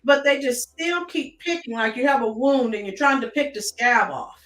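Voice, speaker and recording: A woman's voice: a little high, moderate pace, a bit bright, roomy sound, distant mic. An American woman hosting a live-stream commentary, chatting and greeting her chat viewers by name. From United States.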